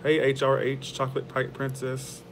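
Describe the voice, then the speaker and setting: A man of middling pitch talks straight to his viewers in an easy, rambling livestream chat. He is heartfelt and laughs often. A faint background hum sits under the voice. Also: completely flat delivery, moderate pace. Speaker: tarot channel host.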